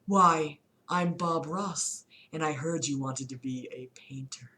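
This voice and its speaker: A woman voicing a soft-spoken, gentle older male painter, talking quietly and slowly. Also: lowish voice, animated. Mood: gentle, soothing. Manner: quiet, slow and soothing.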